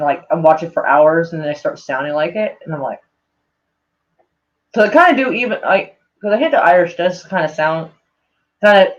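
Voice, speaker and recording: A man live-streaming in a loose, meandering chat, heavy on "like" and freely swearing, with a mild speech impediment. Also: fairly high pitch. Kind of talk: casual rambling stream chat. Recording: dull lo-fi home stream audio.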